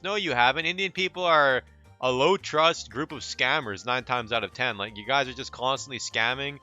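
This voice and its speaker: Bright, sharp-voiced man ranting. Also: medium pitch, normal speed, soft background music. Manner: blunt, profane, frequent restarts. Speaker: commentary channel host. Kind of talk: casual ranting commentary.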